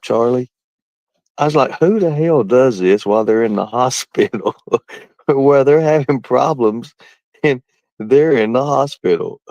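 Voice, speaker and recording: A man's voice: mid-range voice, a little mellow, no room sound, lo-fi sound. A man livestreaming, talking to his viewers in a rambling, mocking, folksy way. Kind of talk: casual livestream rant.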